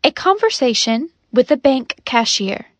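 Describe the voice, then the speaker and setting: A woman narrating a story and reading vocabulary drills for language learners, careful and deliberate. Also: sits high, sing-song, no echo. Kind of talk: slow, clear narration for learners.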